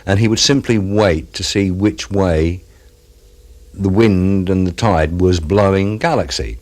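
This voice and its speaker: A man who served on an offshore radio ship tells, in an interview, a wry tale of events at sea, with quick asides. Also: low voice, a little mellow. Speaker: former crew member of an offshore radio ship. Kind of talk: reminiscing in an interview.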